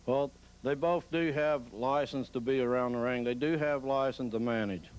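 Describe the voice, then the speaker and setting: A man's voice: medium pitch, normal speed, clean tone, low-quality recording. A man, a wrestling referee, answering interview questions in brief, matter-of-fact replies. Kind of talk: televised interview.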